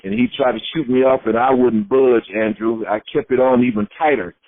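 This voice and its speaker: A man's voice: medium pitch, fairly quick. Middle-aged man telling stories over a tinny line. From Florida, USA. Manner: lively storyteller who acts out quoted voices. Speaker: retired pro wrestler, interview guest. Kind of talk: storytelling shoot interview. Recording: tinny phone-like line, dry.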